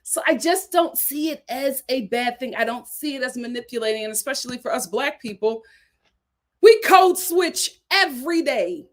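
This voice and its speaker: A woman's voice: on the high side, brisk, few pauses. Chatty woman with a light Philly accent. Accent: light Philadelphia. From Philadelphia. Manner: talkative, animated, many "right?" asides. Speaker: host reviewing a reality show. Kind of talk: casual live-stream chat.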